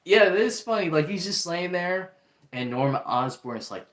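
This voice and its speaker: A man's voice: fairly high pitch, moderate pace, fairly bright tone. Chatty man in a roomy echo. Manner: chatty, many fillers and restarts, acts out quotes. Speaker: show reviewer. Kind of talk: casual review talk.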